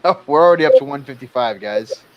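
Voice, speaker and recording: A man's voice: mid-range voice, lively intonation, fast, dull audio. A man calling out bids in a casual livestream art auction, joking and exclaiming over each new bid.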